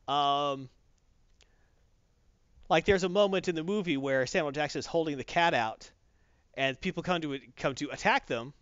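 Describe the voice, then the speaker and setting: A man chatting casually about a movie, acting out quotes in quick voices. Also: fairly high pitch, bright, forceful tone, clear, resonant tone, no echo, dull audio. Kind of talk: casual chat, movie review.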